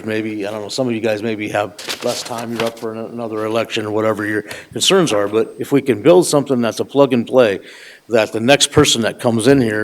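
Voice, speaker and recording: Earnest lower-voiced man chairing a board. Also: a little hiss or hum. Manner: earnest, rambling, restarts phrases. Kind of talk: chairing a public meeting.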